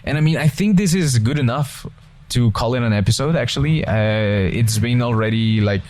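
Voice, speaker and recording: This is a young man with a foreign accent chatting over a game at a medium pitch. He rambles, restarts his sentences and wanders off on tangents, with the loose feel of a relaxed gaming video. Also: moderate pace, no room sound. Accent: non-native English, foreign accent. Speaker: gaming channel co-host. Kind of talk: casual gameplay commentary.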